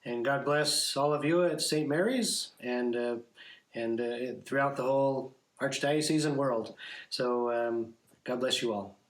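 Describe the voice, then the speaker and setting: A man's voice: medium pitch, a little slow. A male priest co-hosting a video call, telling jokes and chatting in an easygoing way. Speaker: priest, host. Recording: echoey video call with faint noise.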